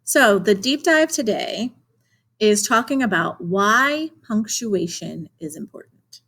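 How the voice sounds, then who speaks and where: A young adult woman, a teacher, giving a remote lesson to children in a clear, encouraging classroom manner, asking questions along the way. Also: mid-range voice, expressive, slow, fairly bright tone.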